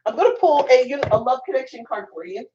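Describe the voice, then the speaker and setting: A blunt, foul-mouthed middle-aged woman talks straight to her viewers during a tarot reading, lecturing them like a preacher. Her voice sits a little high, and the sound is dull and lo-fi. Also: lively intonation, fast talker, warm tone, a little hiss or hum. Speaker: tarot reader. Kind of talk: casual tarot reading monologue.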